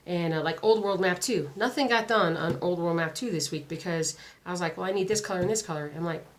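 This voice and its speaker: A woman's voice: lowish voice, fast talker. A woman with a sore throat and a weak voice, chatting casually and rambling with lots of fillers as a craft vlogger. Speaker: cross stitch vlogger. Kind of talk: casual chat.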